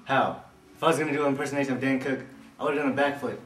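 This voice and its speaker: A young man from California, deadpan and incredulous in a comedy sketch. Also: medium pitch, rapid-fire. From Northern California. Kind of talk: comedy sketch, mock self-questioning. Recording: echoey room with clear noise.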